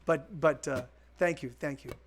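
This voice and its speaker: A man's voice: a little high, normal speed. A man in his forties, a musician chatting casually with his stream viewers, rambling with lots of restarts and swearing freely. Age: 40s. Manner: rambling, full of restarts and repeats.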